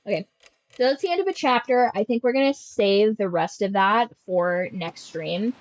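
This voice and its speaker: A woman's voice: mid-range voice, animated, moderate pace, no room sound, dull audio. A woman streaming a game, chatting casually with sarcastic, profane jokes.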